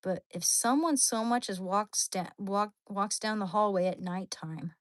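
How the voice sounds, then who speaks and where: Talking with viewers on her livestream, this woman rambles in an animated, slangy way and lets out sudden high squeals. Her pace is a little slow, and the recording is dry.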